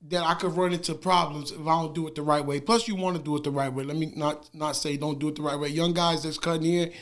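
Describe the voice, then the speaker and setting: A man guesting on a podcast, talking casually and animatedly about his work as a barber, laughing often and using slang fillers. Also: fairly high pitch. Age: adult with wife and two sons. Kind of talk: casual interview chat.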